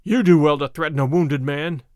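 A man's voice: a little high, normal speed, a little mellow, no echo, studio quality, close to an everyday voice. A man voicing an arrogant, wounded male army captain in an audiobook reading, indignant and blustering. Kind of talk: audiobook character voice.

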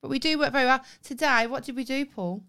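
A woman, co-hosting a podcast in casual chat and telling stories in a lively, sweary way. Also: sits high, quick pace, clear, resonant tone. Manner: sweary, animated storytelling with laughs. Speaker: podcast co-host.

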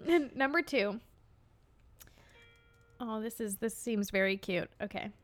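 A young woman with a broad Midwestern American accent chats on a podcast, racing through her stories. She talks fast and giggly, with an animated, lively delivery. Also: a little high, soft background music. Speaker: podcast co-host. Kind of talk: casual chat.

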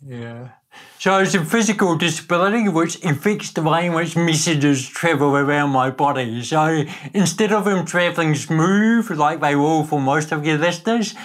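A man's voice: on the high side, expressive, normal speed. A man from New Zealand with a New Zealand accent and a slightly shaky voice, chatting upbeat as a podcast guest and laughing easily. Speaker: podcast guest, motivational speaker. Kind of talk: casual interview chat.

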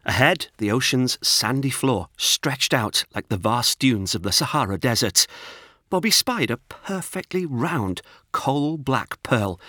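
A man narrates a children's storybook with an expressive, animated read. His voice rises and falls freely and sounds bright and forward, recorded close and dry. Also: medium pitch, measured pace, no echo. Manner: expressive, lively reading.

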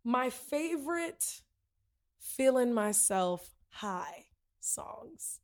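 Give me a high-voiced woman hosting a podcast, lively and laughing, trying on playful voices. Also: very slow. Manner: animated, laughing often, slips into playful character voices. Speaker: podcast host. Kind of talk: casual chat.

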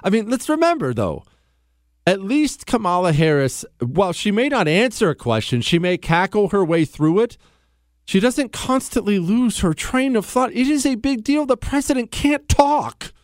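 A man's voice: sits high, very animated, moderate pace, no echo, studio quality. A man hosting a political talk radio show, sarcastic and mocking, often laughing at his own remarks. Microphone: studio microphone.

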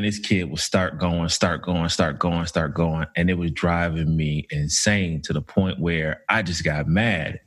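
A man in his thirties telling a personal story in casual chat, slow and reflective with many fillers. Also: sits low, fairly bright tone, breathy edge. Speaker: podcast co-host.

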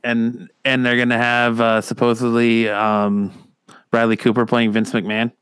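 Smooth-voiced easygoing man. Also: medium pitch, monotone, unhurried, fairly bright tone, dry recording. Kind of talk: casual podcast chat.

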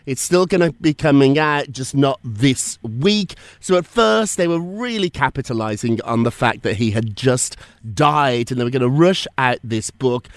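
Chatty man hosting, lively pitch. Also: moderate pace, no room sound. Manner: chatty, theatrical. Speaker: podcast host. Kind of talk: celebrity gossip chat.

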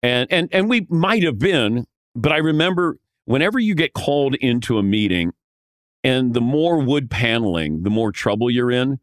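Guest man, veteran broadcaster, lively storyteller, pitch swings a lot, dry close mic. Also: normal speed, dry recording. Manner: lively storyteller who acts out quotes. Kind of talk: animated anecdote telling.

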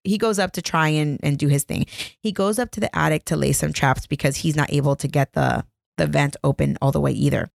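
A woman's voice: low-pitched, fairly quick, gravelly, slight background noise. A woman in her thirties hosting a podcast from home, telling a story in a chatty, laughing, self-deprecating way. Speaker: podcast host. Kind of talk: casual storytelling. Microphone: podcast microphone.

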